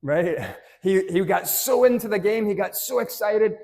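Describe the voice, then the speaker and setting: A man's voice: high-pitched, lively intonation, normal speed, creaky, darkish tone. A male priest giving a homily in church, telling stories in a conversational way and often checking in with "right?". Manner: conversational storytelling, frequent "right?" tag questions; addresses children directly with simple questions. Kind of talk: homily to a parish congregation.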